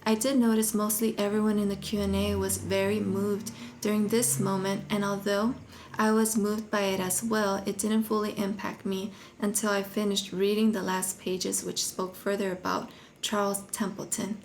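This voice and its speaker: A woman hosting her channel, reading a book review in steady, earnest scripted narration. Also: mid-range voice, normal speed, a little hiss or hum.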